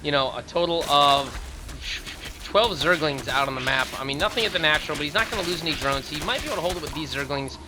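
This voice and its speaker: A man casting a live video game match, getting loud and fast during fights. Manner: excitable, rising to high-pitched rapid calls in fights. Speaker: esports caster. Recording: faint background noise.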